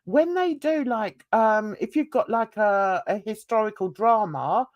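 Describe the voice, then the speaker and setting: A woman's voice: medium pitch, lively intonation, unhurried, no echo, dull audio. An older woman from London, hosting a casual, opinionated and rambling chat. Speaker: host.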